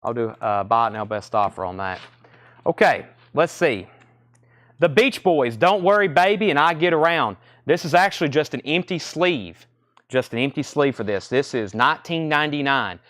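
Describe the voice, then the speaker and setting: A man's voice: mid-range voice, expressive, normal speed, a bit bright, no echo, clean studio sound. A man running a live record sale, rattling off titles and prices with chatty asides. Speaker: record seller. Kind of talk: live sale stream, casual selling.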